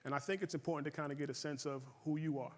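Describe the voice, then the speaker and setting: A man hosting an interview, asking questions in a brisk, encouraging way. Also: fairly high pitch, fairly even intonation. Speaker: interview host. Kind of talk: interview conversation. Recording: long hall reverb.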